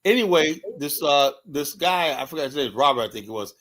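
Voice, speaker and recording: A man's voice: a little high, lively intonation, brisk, fairly bright tone. Man telling stories casually. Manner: storytelling, repeats "right?" often. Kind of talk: casual chat.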